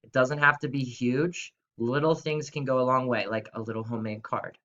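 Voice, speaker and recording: An upbeat young man teaches schoolchildren in a video lesson and speaks directly to them in a friendly, chatty way. His voice sits at a middle pitch. The audio is a little dull and lo-fi. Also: fairly even intonation, moderate pace, sharp tone. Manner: upbeat, chatty, talks straight to kids. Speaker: third-grade teacher.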